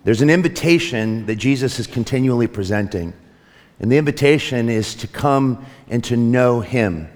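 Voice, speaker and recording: A man's voice: mid-range voice, lively intonation, moderate pace, darkish tone, big-room sound. A man preaching a sermon as pastor to his church, earnest and reflective, with frequent restarts and light joking. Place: church sanctuary.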